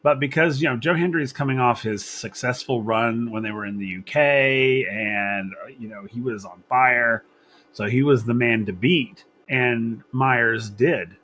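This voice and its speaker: A man's voice: medium pitch, measured pace, fairly bright tone. A man co-hosting a wrestling podcast in casual chat, talking freely with frequent laughs and restarts. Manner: chatty, laughs often, repeats himself. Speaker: podcast co-host.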